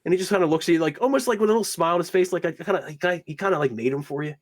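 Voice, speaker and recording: A man running a tabletop game as game master, narrating in a loose, relaxed way full of casual filler words. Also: a little high, very fast.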